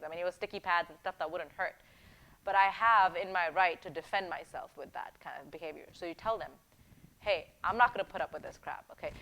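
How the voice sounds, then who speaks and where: A woman's voice: lowish voice, fairly bright tone, rough recording. A woman giving workplace advice in a direct, emphatic, conversational way, often checking in with "okay?" and "right?". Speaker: workplace empowerment coach. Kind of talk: advice video talk.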